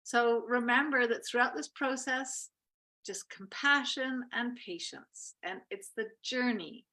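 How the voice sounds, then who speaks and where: A woman love coach talking in a gentle, reflective, encouraging way in a casual chat. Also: on the high side, measured pace.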